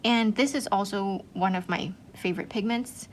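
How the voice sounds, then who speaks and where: A woman's voice: mid-range voice, normal speed, a little hiss or hum. A woman hosting an art channel, gushing in casual chat, full of "like" and "um" fillers. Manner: chatty, gushing, many "like" and "um" fillers.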